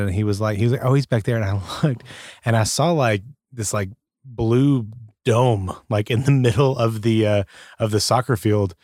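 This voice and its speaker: A man's voice: lowish voice, a little mellow, no room sound, studio quality. A man co-hosting a casual chat, telling a rambling story and laughing often. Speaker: podcast co-host.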